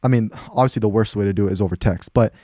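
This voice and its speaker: A man's voice: lowish voice, rapid-fire, no echo, clean studio sound. A young man hosting a casual podcast chat, telling stories and acting out what people said. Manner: animated storyteller, acts out quotes. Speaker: podcast host.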